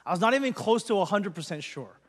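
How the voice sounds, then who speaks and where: Earnest high-voiced male pastor. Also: lively intonation, quick pace. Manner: earnest, conversational storytelling. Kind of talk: personal testimony to a congregation. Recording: long hall reverb.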